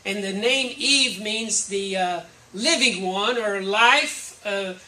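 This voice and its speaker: A woman's voice: medium pitch, slow, bright, forceful tone. A woman giving a conversational, reflective sermon, listing examples one by one, recorded from a distance in a church hall. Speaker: preacher. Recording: roomy echo from a distant mic, faint ambience.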